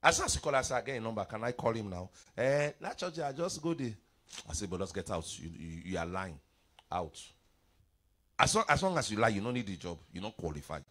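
A middle-aged man preaching a revival sermon, mixing pidgin into his English with sudden shouts and playful asides. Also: medium pitch, sing-song, fast.

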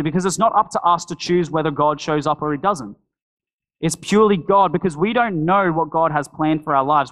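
A man's voice: fairly high pitch, low-quality recording. A man preaching a sermon in a church, earnest and pleading, voicing prayers to God along the way. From Australia.

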